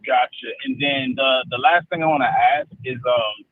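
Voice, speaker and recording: A man's voice: mid-range voice, moderate pace. A man calling in to a livestream show, polite and hesitant as he asks questions. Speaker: caller. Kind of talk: call-in question. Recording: gravelly phone line.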